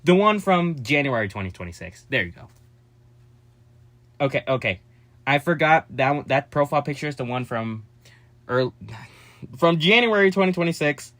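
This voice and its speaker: A man chatting casually and excitably to his viewers, jumping from topic to topic with quick asides and jokes. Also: on the high side. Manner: addresses viewers as "guys", quick asides and joking. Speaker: vlogger. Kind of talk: casual rambling vlog chat to viewers.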